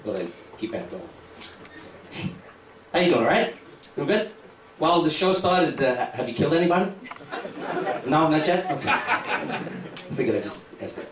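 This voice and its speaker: A middle-aged man doing a stand-up comedy set in a club, with a brash, punchy delivery and quick asides to the crowd. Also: a little high, very animated. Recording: echoey club room, distant mic, crowd noise. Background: audience laughter.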